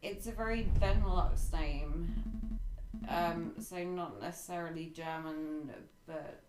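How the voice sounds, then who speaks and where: A woman's voice: lowish voice, slow, over music. A woman chatting playfully and casually alongside a game stream. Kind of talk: casual chat.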